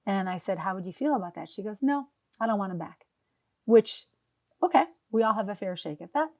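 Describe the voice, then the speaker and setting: A woman hosting a podcast, telling stories in a chatty, energetic way and interviewing a guest. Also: medium pitch, a little fast, dry recording. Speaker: host.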